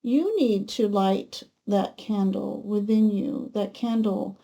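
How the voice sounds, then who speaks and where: A woman giving a pick-a-card tarot reading, talking gently and spiritually with many pauses and fillers. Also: mid-range voice, fairly even intonation, creaky. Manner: gentle, unhurried, spiritual musing with many ums. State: emotional, close to tears at times. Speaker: tarot reader.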